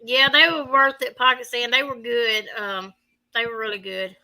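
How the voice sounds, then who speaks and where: A woman's voice: fairly high pitch, steady tone, normal speed, bright, forceful tone, poor audio. A woman with a Southern US accent co-hosting a casual live-stream chat, reading viewer comments aloud and laughing often.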